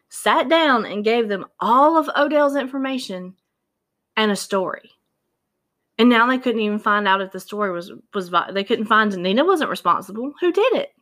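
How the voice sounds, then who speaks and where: Animated woman telling a true-crime story. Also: fairly high pitch. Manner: animated, acts out quoted voices.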